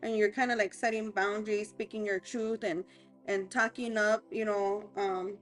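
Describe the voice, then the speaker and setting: A woman reading tarot cards aloud as a life coach, talking in a hesitant, halting way with many fillers and restarts. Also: medium pitch, little pitch movement, soft background music.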